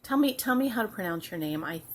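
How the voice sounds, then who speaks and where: A woman hosting a home cross-stitch video, chatting casually and sounding tired, with soft asides that trail off. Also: medium pitch, lively intonation, fast talker, slightly rough. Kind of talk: casual chat to camera.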